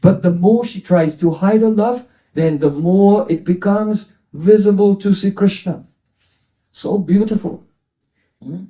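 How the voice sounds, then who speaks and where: Man, high mellow voice, devotional lecturer in an echoing room, playful explainer. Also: a little slow. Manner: explains scripture terms, playful asides. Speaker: spiritual teacher.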